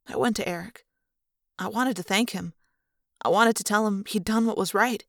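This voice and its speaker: A woman's voice: medium pitch, normal speed, gravelly, long pauses, a bit bright, no echo. A woman reading a first-person audiobook aloud in an earnest, subdued way on a close microphone. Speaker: reader.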